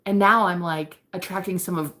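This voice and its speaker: A woman's voice: on the low side, steady tone, moderate pace, fairly bright tone. A woman chatting casually and candidly to her viewers, laughing often and swearing now and then. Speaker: vlogger. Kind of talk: casual confessional chat to camera.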